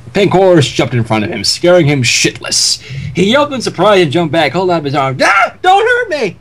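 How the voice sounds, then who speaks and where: Lively man reading a fanfic aloud. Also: fairly high pitch, a little fast. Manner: lively reading, laughs at the text. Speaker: fanfic reader. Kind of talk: comedic livestream story reading.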